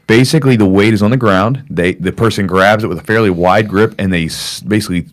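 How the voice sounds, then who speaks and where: Low-voiced rambling male podcast host. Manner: rambling, many fillers. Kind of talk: casual podcast chat. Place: small upstairs room.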